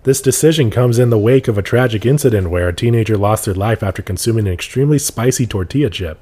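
A man's voice: on the low side, quick pace, mellow, breathy edge. A young man co-hosting a podcast, chatting casually and rambling with lots of fillers. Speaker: podcast co-host. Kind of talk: casual chat.

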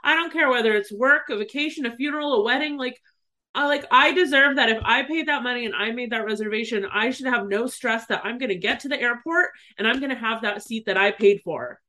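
Woman venting, annoyed and worked up, higher voice, just chatting. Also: a little fast, bright, forceful tone. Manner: indignant ranting. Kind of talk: casual chat.

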